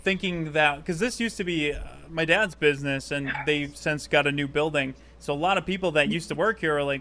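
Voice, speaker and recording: A man producing a film, chatting on a live stream with hesitant pauses and frequent fillers. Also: fairly high pitch, bright, forceful tone, a little hiss or hum. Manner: hesitant, lots of "uh". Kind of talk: casual live-stream chat.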